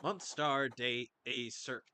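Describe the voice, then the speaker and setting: A man's voice: mid-range voice, slow pace, sharp tone, a little hiss or hum. A man voicing a pompous, dramatic rich merchant in a video game, with grand old-fashioned phrasing. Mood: wistful.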